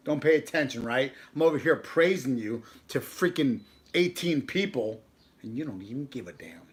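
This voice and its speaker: A man talks loosely and playfully to his live viewers, teasing his dog between rambling asides. His voice sits at an ordinary middle pitch. He keeps a casual, joking chat going the whole time. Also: expressive, normal speed. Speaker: livestream host.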